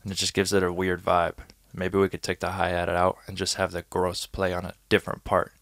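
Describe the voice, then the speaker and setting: Deep gravelly man over beat music. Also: brisk. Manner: relaxed, talks through steps, vocalizes drum rhythms. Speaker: music producer teaching a tutorial. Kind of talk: casual screen-recorded tutorial. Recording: music playing behind the voice. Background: beat music playing.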